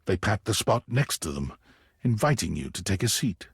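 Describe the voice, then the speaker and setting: A man reads the scripted narration of a video game in a wry, dry way. His voice is low and lively in pitch. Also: normal speed, vocal fry, husky, dry recording.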